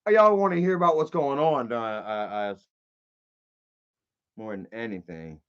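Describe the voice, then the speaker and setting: A man's voice: mid-range voice, unhurried, fairly bright tone, clean tone. Rambling man on a dull lo-fi stream. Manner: loose, profane, rambling with many fillers. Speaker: live streamer. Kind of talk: rambling casual live stream chat.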